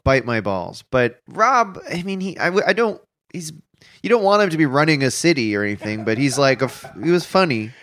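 A young Canadian man co-hosting a casual comedy podcast, rambling and animated, his voice sounding strained and odd. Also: a little high, brisk. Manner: rambling, animated, laughs a lot. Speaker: podcast co-host.

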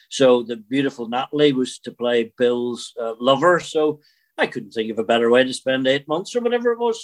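An older man, an actor telling stories in a casual interview. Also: slight background noise. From Northern Ireland. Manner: chatty storyteller, animated swings in pitch. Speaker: actor guest.

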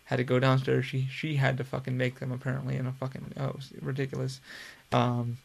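A man's voice: mid-range voice, monotone, quick pace, vocal fry. A young man hosting a podcast, telling a long story in a casual, profane, rambling way. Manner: profane, rambling, laid-back. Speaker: podcast host.

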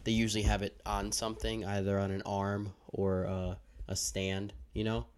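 Speaking into a handheld mic, a young podcast co-host who handles the audio rambles casually about his audio habits and keeps interrupting himself. His voice is fairly low and smooth, with little pitch movement and a moderate pace.

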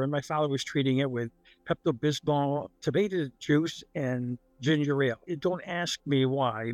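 A man's voice: mid-range voice, no room sound. An older man telling a personal story in casual, rambling speech and acting out the lines he quotes. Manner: plain-spoken, rambling, acts out the dialogue he quotes. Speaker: guest recounting a near-death experience.

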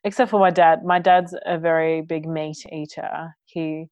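A woman's voice: low-pitched, flat delivery, measured pace, a little mellow, no room sound, highs cut off. A young woman co-hosting a podcast, joking wryly and laughing easily. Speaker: podcast co-host. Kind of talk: casual chat.

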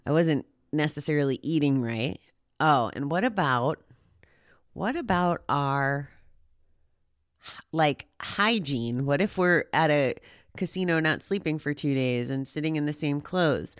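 A woman's voice: sits low, a little slow, no room sound, studio quality. A woman talking casually to her listeners about recovering from gambling, rambling and self-deprecating, with frequent fillers. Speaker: podcast host on gambling recovery. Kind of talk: casual personal talk to listeners. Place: walking outdoors.

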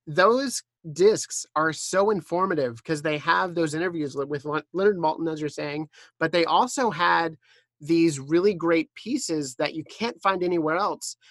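An enthusiastic podcast host leads a casual interview, quick and loose in phrasing. The voice sits at a middle pitch, and the recording is dry and close. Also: fairly bright tone, no echo.

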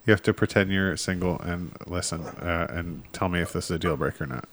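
A man's voice: sits low, a little fast, fairly bright tone, a little hiss or hum. A man co-hosting a casual beer-tasting chat, laid-back and wry, laughing often. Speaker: podcast co-host.

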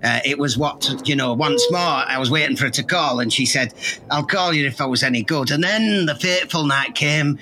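A man's voice: on the high side, brisk, background noise, voice pushed down, close to an everyday voice. A man voicing a crude, cheerful football club chairman, boasting and chuckling. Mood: boastful.

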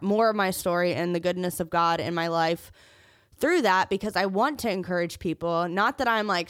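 Candid, low-voiced woman podcaster. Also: clear, resonant tone, no echo, studio quality. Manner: candid and emotional, often near tears; joking asides between serious parts. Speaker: podcast host. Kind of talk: personal storytelling podcast.

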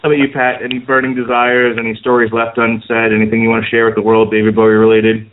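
A man hosting a radio talk show, animated and quick to laugh and jump in with questions. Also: medium pitch, a little hiss or hum. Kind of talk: casual talk show conversation. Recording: phone-like narrow sound.

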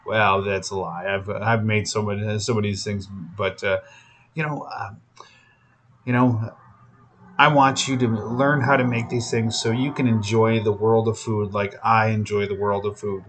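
Cooking show guy rambling on, lots of you know and uh, swears casually, kinda low voice. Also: flat delivery, moderate pace, a bit bright, slight background noise. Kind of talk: casual motivational chat.

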